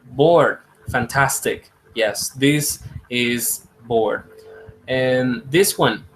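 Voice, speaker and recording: Slow-drilling teacher, man. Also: medium pitch, a bit bright, slight background noise, rough recording. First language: Spanish. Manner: drawn-out repeated words, switching to quick Spanish asides. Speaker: English teacher. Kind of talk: slow classroom pronunciation drill.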